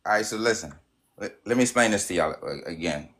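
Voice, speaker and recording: A man's voice: deep voice, lively intonation, fast talker, a bit bright. A man hosting a casual livestream chat with callers. He is insistent, repeats himself and keeps cutting in. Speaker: livestream host.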